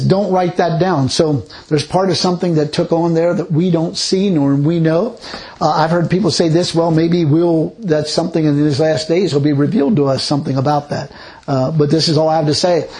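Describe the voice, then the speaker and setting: A man's voice: on the high side, a little mellow, low-quality recording. A man teaching verse by verse through scripture, reading passages aloud and explaining them in a rambling, unpolished way with frequent restarts. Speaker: Bible teacher.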